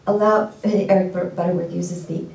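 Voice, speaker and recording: Mellow-voiced woman pastor preaching in a roomy hall. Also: on the low side, steady tone, brisk, creaky, distant mic. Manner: conversational, asks the congregation questions. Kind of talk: sermon.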